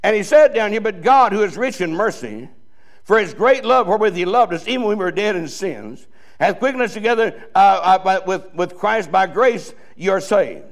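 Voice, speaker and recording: A man's voice: sits high, animated, moderate pace. A male pastor preaching a sermon in a folksy, joking way, full of restarts and chuckles. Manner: folksy, joking preaching with laughs and repeated starts.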